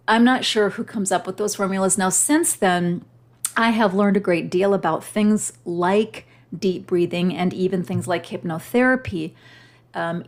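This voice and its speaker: A middle-aged woman hosting her own podcast, telling a personal story in a heartfelt, emotional way. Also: lowish voice. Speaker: podcast host.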